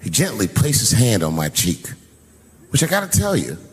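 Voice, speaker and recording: A middle-aged man telling a profane, animated story as a stand-up comedian. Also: lowish voice, moderate pace, breathy edge. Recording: live venue with long reverb.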